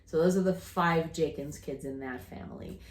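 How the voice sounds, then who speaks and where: A woman's voice: low-pitched, normal speed. A woman in her fifties, co-hosting a casual chat, telling rambling family stories with restarts and laughter. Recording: echoey room.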